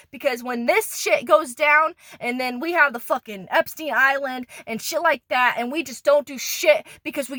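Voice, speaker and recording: A woman's voice: high-pitched, sharp tone, no echo, studio quality. A woman in a profane, rambling, angry rant done as an ASMR monologue, pissed off and disgusted, often stumbling and restarting. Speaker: ASMR creator.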